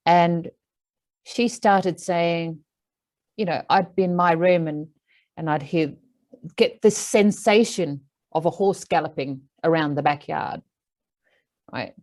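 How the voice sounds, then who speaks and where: A woman with an Australian accent, an animal communicator, telling a story in an animated way with lots of fillers. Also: fairly low pitch, takes it slowly, long pauses, rough recording. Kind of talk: casual storytelling.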